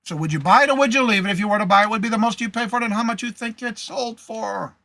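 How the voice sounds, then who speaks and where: A man's voice: high-pitched, fast, gravelly, pushed and bright, no echo. A man hosting a casual live reseller show, chatting, reading viewer comments aloud and greeting viewers by name. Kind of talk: casual live-stream chat.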